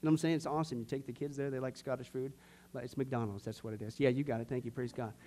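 A middle-aged man, a pastor, teaching a discipleship class by telling personal stories with jokes, asides and many fillers, acting out quoted voices from loud to near whisper. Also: mid-range voice, fairly even intonation, very fast, a little hiss or hum. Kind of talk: sermon-style teaching class.

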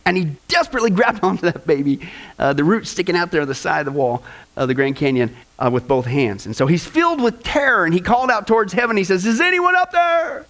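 A high-voiced pastor preaches at a quick pace, his sermon full of animated stories in which he acts out the people's voices.

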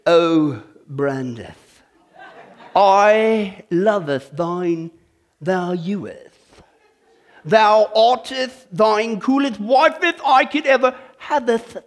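This is a pompous praying man who talks in mock old-fashioned English, put on by a man. He lays on the solemnity in an exaggerated, theatrical way. His voice sits high for a man. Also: expressive, drawn-out words, full character voice.

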